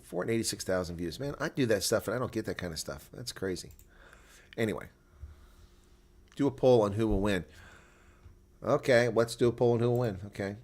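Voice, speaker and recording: Low-voiced man chatting through a rugby stream. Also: a little fast, pauses often, a little mellow. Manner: chatty, laughs often, reads viewer comments aloud. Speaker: live-stream rugby commentator. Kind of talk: casual live watch-along commentary.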